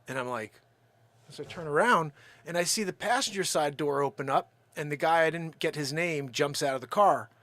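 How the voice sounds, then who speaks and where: A man's voice: fairly high pitch, moderate pace, a bit bright. A man hosting his own live stream, telling a story casually and acting out the quotes in it. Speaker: livestream host and drum builder.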